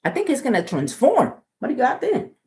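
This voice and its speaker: A woman's voice: sits high, huge pitch swings, brisk, darkish tone. A woman reading a children's book aloud, chatting and explaining words and lessons to young listeners. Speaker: storytime reader.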